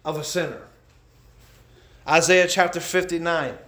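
A man preaching a sermon as pastor, impassioned, swinging between loud and hushed. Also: a little high, steady tone, unhurried. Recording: echoey room.

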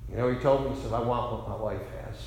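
A middle-aged male pastor preaching a revival sermon, telling a story with fervor, rising to loud declarations and dropping to hushed quotes. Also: mid-range voice, fairly even intonation, fast, slight background noise. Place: large church sanctuary. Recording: very echoey church hall reverb.

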